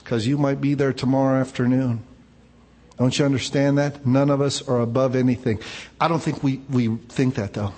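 A man's voice: mid-range voice, fairly even intonation, normal speed, mellow, big-room sound. A male pastor preaching a conversational sermon, telling personal stories in a casual, informal way. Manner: informal, personal storytelling, frequent "man" asides.

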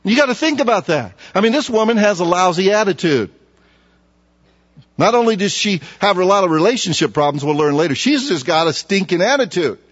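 Husky male preacher, fairly high voice, emphatic rhetorical questions, lo-fi recording. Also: animated, a little fast. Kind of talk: expository sermon. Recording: dull lo-fi recording.

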